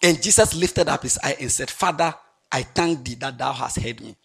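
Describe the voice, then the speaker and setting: A man preaching a sermon, reading scripture in a lilting, sing-song way and swinging between loud bursts and near-murmurs. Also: mid-range voice, moderate pace, slightly rough.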